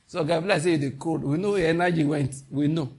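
Fervent Nigerian preacher, a man with a raspy, raised-pitch voice, at the pulpit. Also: a little fast, darkish tone. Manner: impassioned, mixing in pidgin asides. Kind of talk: sermon.

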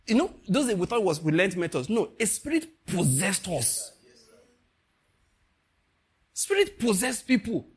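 A Nigerian man preaches with high, husky energy. He laughs often and swings between hushed asides and loud, soaring exclamations. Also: big pitch swings, measured pace, pauses often. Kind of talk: sermon.

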